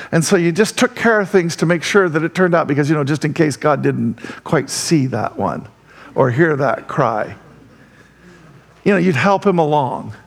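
A male pastor preaching a sermon in a conversational, animated way who laughs often. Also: fairly high pitch, gravelly.

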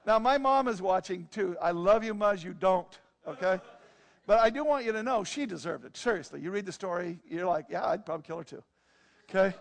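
Man preaching, high gravelly voice. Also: brisk. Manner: animated, joking, conversational preaching. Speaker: pastor. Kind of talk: sermon. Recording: long hall reverb.

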